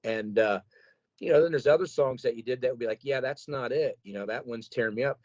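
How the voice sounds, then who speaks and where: A man who sings metal, chatting casually in an interview, rambling and animated as he tells stories about touring and keeping his voice in shape. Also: medium pitch, fast, dry recording, rough recording. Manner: rambling, animated storytelling with quoted asides. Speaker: metal singer guest.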